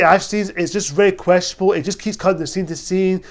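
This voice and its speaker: A man's voice: sits high, fairly even intonation, fast talker, few pauses. A young man reviewing a movie on his own, blunt and exasperated, often repeating himself. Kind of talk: solo film review rant.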